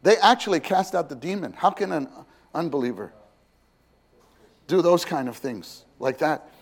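A man's voice: fairly high pitch, expressive, moderate pace. Conversational man preaching to a congregation. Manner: conversational, asks the audience questions, acts out quoted voices. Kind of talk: sermon.

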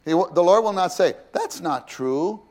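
A man's voice: high-pitched, animated, normal speed, a little mellow. Conversational man preaching to a congregation. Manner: conversational, asks the audience questions, acts out quoted voices. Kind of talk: sermon.

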